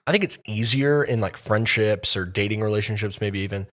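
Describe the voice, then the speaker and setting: Deep-voiced man, casual church podcast. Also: fairly quick, a bit bright. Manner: hesitant, many restarts and fillers. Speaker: pastor and podcast co-host.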